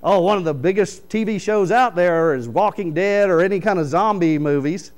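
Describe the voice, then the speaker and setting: A man, a pastor preaching a sermon in church, reading scripture aloud and explaining it with animated stories. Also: sits high, moderate pace, poor audio. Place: church sanctuary.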